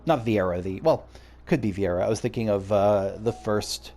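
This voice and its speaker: Casual let's-play guy, mellow voice, loose rambling commentary. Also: lowish voice, normal speed, soft background music. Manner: rambling, self-correcting asides.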